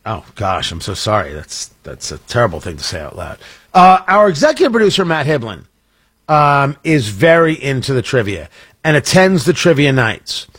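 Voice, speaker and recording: A man's voice: mid-range voice, sing-song, normal speed, a bit bright, slightly rough, no room sound. A man hosting a morning radio talk show, chatting casually and rambling with jokey asides and restarts, in a studio. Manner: rambling, self-interrupting, jokey. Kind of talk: casual on-air chat and promo. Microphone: studio microphone.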